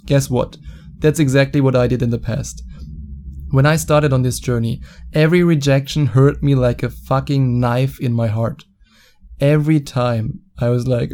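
A man's voice: medium pitch, fairly even intonation, normal speed, warm tone. A man with a German accent hosting a solo podcast, talking bluntly and mockingly, with frequent swearing. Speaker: podcast host. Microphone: studio microphone.

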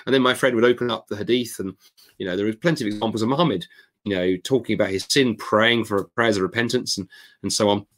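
A man's voice: on the low side, quick pace. A man, a guest author, talking casually and animatedly, acting out quoted dialogue as he tells stories. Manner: animated storyteller who acts out quoted dialogue. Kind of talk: casual conversation.

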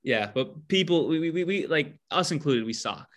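A man's voice: fairly high pitch, lively intonation, moderate pace, a bit bright. Young male co-host, casual, rambling, argumentative, trips over words. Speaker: podcast co-host. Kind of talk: casual podcast banter. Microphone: remote call mic.

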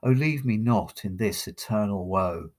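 A man voicing a sorrowful young woman lamenting her lover, recited slowly as poetry. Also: fairly low pitch, darkish tone, close to an everyday voice. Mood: pleading, sorrowful. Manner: slow, mournful verse recitation.

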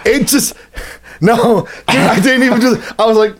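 A man telling a story in casual chat, animated and laughing often as he acts out what people said. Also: very high voice. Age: adult, has a son. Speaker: podcast co-host telling a story.

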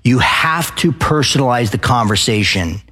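Man, from Arizona, loud, passionate, mid-pitched voice, live lecture, keeps asking the audience questions. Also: lively intonation, moderate pace. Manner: addresses the crowd with frequent "okay?" and questions. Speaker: speaker at a live event.

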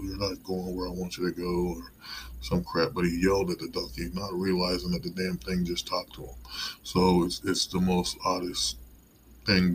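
Deep, flat-voiced man rambling. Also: slight background noise, rough recording. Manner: casual, digressive, mildly profane. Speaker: podcast host. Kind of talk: rambling motivational monologue.

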